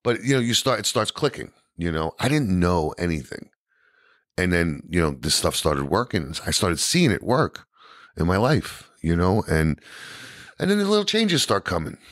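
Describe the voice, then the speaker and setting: A man with a New York accent telling his recovery story as a podcast guest, animated and peppered with "you know what I mean". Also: deep voice, moderate pace, dry recording, clean studio sound.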